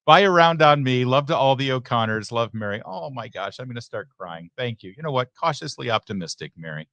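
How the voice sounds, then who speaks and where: Reading out viewer messages on a live election night stream, this middle-aged host at a watch party venue keeps things chatty, with frequent joking asides and lively ups and downs. He talks briskly in a medium pitch, and there's no room sound.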